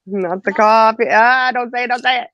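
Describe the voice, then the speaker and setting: Her voice is a little high and a bit bright, with a steady tone and moderate pace. She hosts a casual livestream chat show, telling stories and laughing often. The recording is dry, dull and lo-fi.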